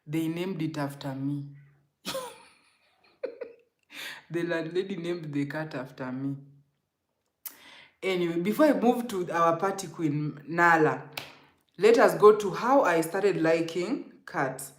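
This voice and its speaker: A woman's voice: on the low side, takes it slowly, long pauses, echoey room. A Kenyan woman telling an emotional, rambling storytime to her viewers, often calling them guys. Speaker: vlogger. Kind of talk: storytime vlog.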